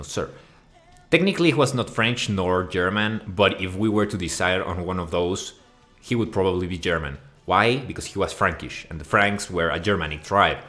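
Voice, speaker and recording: Low-voiced man ranting over slides. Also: pushed and bright. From Mexico. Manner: profane, mock-outraged, rambling. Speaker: video essayist. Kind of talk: comedic rant over slides.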